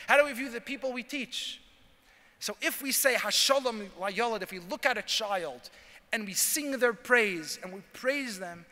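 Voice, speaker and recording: A man, a rabbi, giving a talk at a convention and telling a story, acting out the lines of its characters with lively energy. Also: high-pitched. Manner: animated storyteller acting out dialogue. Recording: reverberant hall.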